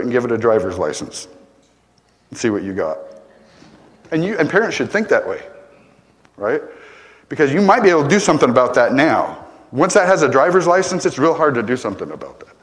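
An older man preaching a conversational sermon, often asking "right?", building to emphatic peaks and then dropping quiet. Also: mid-range voice. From Arizona. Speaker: pastor. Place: church sanctuary. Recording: long hall reverb.

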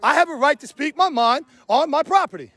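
Filming outdoors on a handheld phone camera, a man confronts police on his property in a heated live exchange, making demands and repeating himself. His voice is very high-pitched, expressive, bright and forceful, fairly quick, with no echo.

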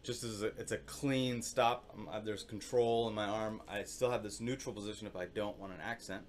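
A lower-voiced man teaches percussion in an unhurried, explanatory way. He scats rhythm patterns on syllables between his instructions and fills his pauses with small hesitations. A faint noise hangs behind the recording. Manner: explains calmly, with sung rhythm syllables and many fillers. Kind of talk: instructional demonstration.

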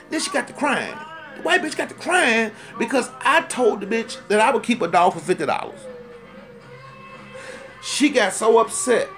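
A man ranting in a comic monologue, his voice sitting high and jumping into loud, indignant outbursts. He talks in a profane, rambling way and circles back to repeat his points, with faint music somewhere behind him. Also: animated, moderate pace. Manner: profane, heated and rambling, repeats himself for emphasis. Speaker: storyteller ranting to camera.

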